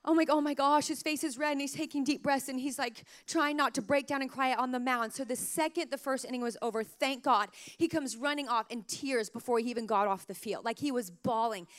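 High-voiced animated mom telling stories. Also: female voice. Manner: animated, emotional, lots of "like" fillers. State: slightly sore throat. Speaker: mother sharing parenting stories. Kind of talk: casual storytelling to camera.

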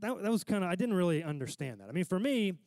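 A man with a fairly high voice preaches in a relaxed, conversational way, often stopping to check that his listeners are with him. The sound is dry and close, with no room echo. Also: fast talker. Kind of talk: conversational sermon.

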